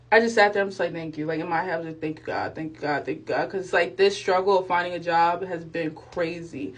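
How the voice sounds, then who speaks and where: A young woman vlogger telling a faith testimony in a casual, slangy way, acting out the people she quotes. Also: medium pitch. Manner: animated, acts out quotes, slangy and expressive.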